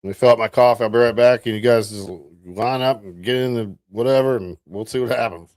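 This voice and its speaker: A man's voice: medium pitch, steady tone, quick pace, a little mellow, no room sound, clean studio sound. A man hosting a livestream in casual chat, laid-back and talking through what he is doing. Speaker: livestream host.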